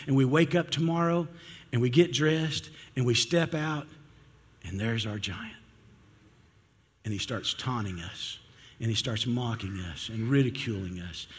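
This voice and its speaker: A man's voice: medium pitch, moderate pace, slightly rough, in a large hall. A man preaching a sermon from the pulpit, retelling a story with energy and stumbling over restarts as he goes. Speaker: pastor. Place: church sanctuary.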